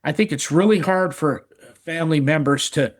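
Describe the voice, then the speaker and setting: A man's voice: fairly high pitch, normal speed. Earnest middle-aged man telling a story. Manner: earnest, repeats words and restarts often. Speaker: recovery podcast guest. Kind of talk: casual storytelling.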